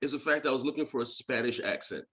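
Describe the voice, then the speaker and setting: A man chatting casually as a podcast guest, telling stories and slipping into quick impressions of movie villains. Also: medium pitch, crowd noise. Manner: animated storyteller who slips into impressions of movie villains. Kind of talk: casual chat.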